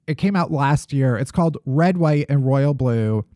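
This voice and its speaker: A man's voice: medium pitch, expressive, unhurried, dark tone, no room sound, clean studio sound. A man co-hosting a podcast, chatting casually with a playful, self-mocking humor. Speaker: podcast co-host. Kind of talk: casual chat.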